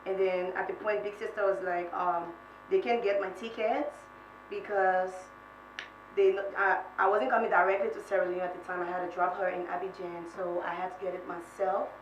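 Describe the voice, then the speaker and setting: A woman's voice: fairly low pitch, steady tone, normal speed. A woman contestant earnestly telling her travel story and thanking the show. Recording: echoey room from far off, noisy.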